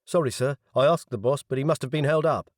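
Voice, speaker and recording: A man's voice: mid-range voice, fast, no echo, clean studio sound, pitched above the performer's own voice, natural voice. A male audiobook narrator playing a young security officer who answers in a formal, apologetic way.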